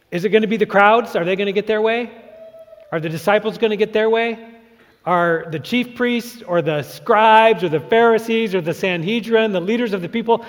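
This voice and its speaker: A man preaching a sermon as pastor, animated and dramatic, acting out crowd shouts. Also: sits high. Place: church sanctuary. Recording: long church reverb.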